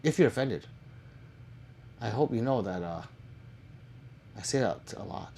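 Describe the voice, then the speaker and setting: Lively joking male live streamer. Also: lowish voice, unhurried, vocal fry, slight background noise. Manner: reads viewer comments aloud, joking and swearing. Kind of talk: casual live-stream chat.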